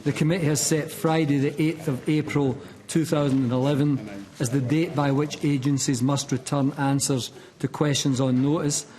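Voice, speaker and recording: A man's voice: a little high, fairly even intonation, moderate pace, few pauses, a little mellow. A man chairing a committee, closing the hearing with formal procedural notices. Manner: formal, orderly.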